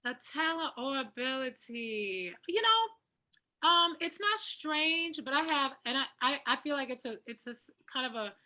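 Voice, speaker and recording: A woman's voice: high-pitched, lively intonation, measured pace, bright, forceful tone. A woman singer and actor talking as a podcast guest, encouraging and laughing easily in casual chat.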